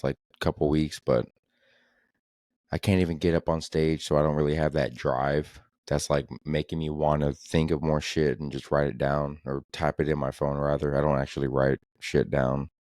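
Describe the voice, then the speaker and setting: A young man with a very low, deep voice rants his way through a casual comedy podcast. He talks in loose, profane, exasperated bursts. The sound is close and dry, with no room around it. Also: a little mellow, no echo. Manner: rambling, profane, exasperated ranting. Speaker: podcast host.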